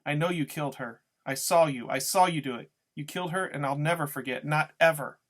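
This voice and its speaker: A frantic teenage boy cries out in a storybook reading, as a man voices him. His pleas and accusations come loud and raised, breaking out of the calmer telling around them. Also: on the high side, fairly quick. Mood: screaming. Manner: shouting, pleading. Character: desperate teenage boy screaming at his father.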